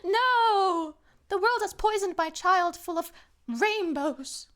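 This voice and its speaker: A woman's voice: animated, takes it slowly, fairly bright tone, heavily acted. A woman voicing a small, wide-eyed British child who is amazed that colors exist. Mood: wailing. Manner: high squeaky pleading.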